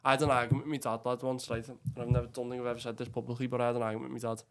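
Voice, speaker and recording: A young Scouser from Liverpool, England, tells a personal story bluntly and emotionally as a podcast guest, swearing often and calling the listener "lad." His mid-range voice has little pitch movement, and he talks rapid-fire.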